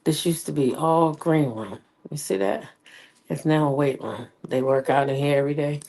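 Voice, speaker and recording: A woman's voice: low-pitched, normal speed, creaky, dark tone, poor audio. A woman hosting a casual live stream from her backyard, chatty and greeting viewers by name, a little stuffy from a cold. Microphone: phone on a selfie stick.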